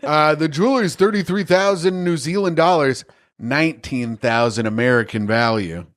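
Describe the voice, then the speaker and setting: A man's voice: a little high, moderate pace, a bit bright. A man in his thirties co-hosting a podcast, reading a news story aloud and riffing on it with crude jokes. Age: 30s. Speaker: podcast co-host. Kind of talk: casual comedic chat, reading news aloud.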